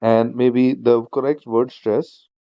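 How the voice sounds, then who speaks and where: A man's voice: medium pitch, flat delivery, slow pace, vocal fry, mellow, dry recording, lo-fi sound. Man teaching a speaking class online. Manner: explanatory, repeats points, frequent fillers. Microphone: shared screen video class.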